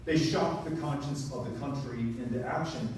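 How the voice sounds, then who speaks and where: At a town hall event in a roomy space, a political speaker from Texas gives an impassioned speech in a mid-range, slightly mellow voice at a moderate pace, building to emphatic, rising passages. The mic sits at a distance in an echoey room, with slight background noise.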